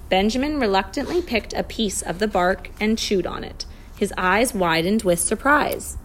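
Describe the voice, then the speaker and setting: A woman's voice: medium pitch, expressive, moderate pace. Woman reading a children's storybook. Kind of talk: storybook read-aloud narration.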